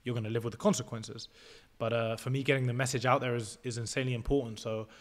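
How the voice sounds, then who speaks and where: A young man in his early twenties talking as a podcast guest, at a middle pitch for a man. He is assertive and breaks his points down step by step, and he swears freely. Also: steady tone, fast talker. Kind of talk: casual podcast interview.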